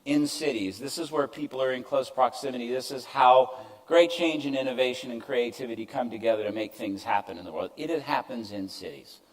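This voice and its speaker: An older man talks an audience through his slides from an event stage. His delivery is conversational and mid-pitched, with wry jokes at his own expense. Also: low-quality recording. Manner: conversational, self-deprecating asides. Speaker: keynote speaker. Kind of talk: conference presentation.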